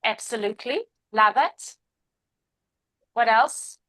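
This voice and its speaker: A woman's voice: a little high, slow, pushed and bright, rough recording. A woman in her forties teaching an interactive class, upbeat and encouraging, calling on participants by name.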